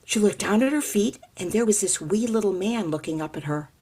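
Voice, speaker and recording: A woman from California telling a story to a live audience, animated and sing-song, inviting listeners to join in. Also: mid-range voice, fairly quick, breathy edge. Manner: animated, sing-song, repeats sound words. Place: storytelling festival workshop.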